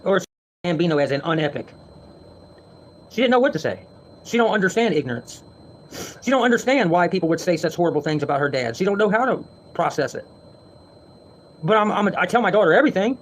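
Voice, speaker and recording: A man's voice: high voice, animated, brisk, long pauses, a little hiss or hum. A man ranting to his viewers from home, heated and defensive, with frequent swearing. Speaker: vlogger.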